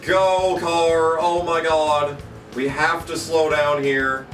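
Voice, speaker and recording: A man commentating his own racing video game play, cursing freely and swinging from excited shouting to frustrated ranting. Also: fairly high pitch, slow pace, faint music behind. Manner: excitable, profane, shouts during the race; grumbling, frustrated rant. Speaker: gaming YouTuber. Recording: roomy echo, distant from the mic.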